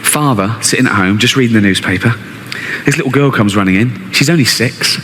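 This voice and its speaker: A man's voice: medium pitch, fairly quick. A man with an English accent doing stand-up, sardonic and conversational. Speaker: stand-up comedian. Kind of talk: stand-up comedy. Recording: echoey live venue with noise.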